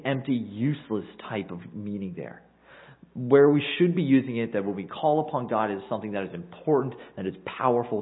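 Male preacher, earnest and emphatic, mid pitch, thin phone-quality sound. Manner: earnest, emphatic, rises in pitch on key points. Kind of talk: sermon. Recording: tinny phone-like audio.

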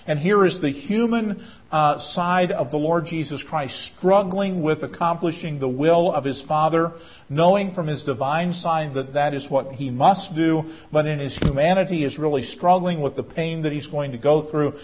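A man's voice: on the high side, normal speed, a little hiss or hum. A male pastor preaching a sermon in an earnest, explanatory way, sometimes restarting his words. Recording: dull lo-fi recording.

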